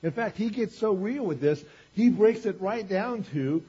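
A man preaching a sermon in an animated, conversational way, acting out quotes as he goes. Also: sits high, measured pace, few pauses, slightly rough. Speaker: pastor. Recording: dull lo-fi recording.

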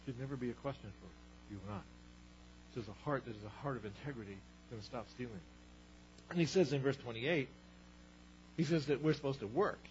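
A man's voice: medium pitch, fairly quick, pauses often, muffled recording, noisy background. A man preaching a sermon as pastor, conversational, asking the congregation rhetorical questions.

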